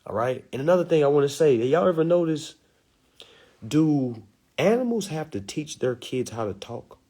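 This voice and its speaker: Man, preachy casual talk, husky voice, lively pitch swings. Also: normal speed. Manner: preachy, animated, acts out quotes. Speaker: spiritual teacher.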